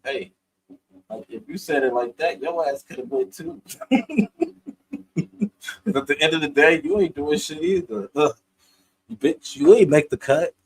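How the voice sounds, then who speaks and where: A man's voice: a little high, lively intonation, a little slow, long pauses, slightly rough, rough recording. A man casually recapping a reality show, slangy and profane, laughing often as he talks. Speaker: reality TV reviewer.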